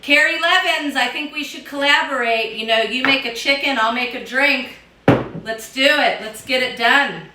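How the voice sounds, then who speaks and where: Upbeat female home bartender, higher voice, chatting to viewers; echoey kitchen sound. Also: moderate pace, sharp tone, slight background noise. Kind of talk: casual cocktail how-to livestream.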